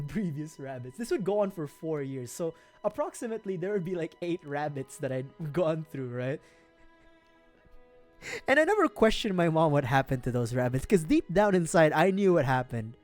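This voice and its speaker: A man's voice: on the high side, sing-song, normal speed, soft background music. A man from the Philippines, streaming, telling a story casually, laughing often and swearing freely.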